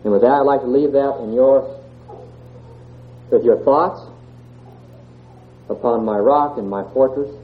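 A man's voice: medium pitch, measured pace, long pauses, slight background noise. Man preaching to a congregation, earnest and asking questions, sounds tinny like over a phone. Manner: earnest, asks the congregation questions, reads scripture aloud. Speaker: church speaker. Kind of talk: sermon.

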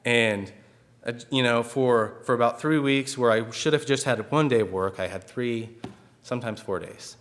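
Guy telling his church testimony, earnest, lots of you-knows, average pitch. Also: moderate pace. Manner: conversational, many fillers and restarts. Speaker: church member sharing a testimony. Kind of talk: personal testimony.

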